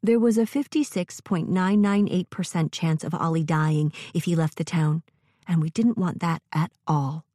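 A woman narrates a story in a gentle, measured way. Her voice sits a little low and sounds mellow and soft-edged. The recording is close and dry, with no room sound. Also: steady tone, no echo.

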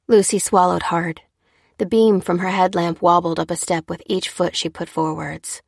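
A woman reading a story aloud, steady and measured. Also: lowish voice, creaky, dry recording, clean studio sound. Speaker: narrator. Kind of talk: scripted narration.

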